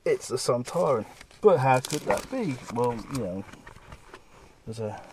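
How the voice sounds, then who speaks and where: A comic artist talking casually through pages he has drawn, lively, now and then slipping into quick character voices. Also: mid-range voice, background noise. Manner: lively, breaks into brief character voices while retelling scenes. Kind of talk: casual walkthrough of his own work.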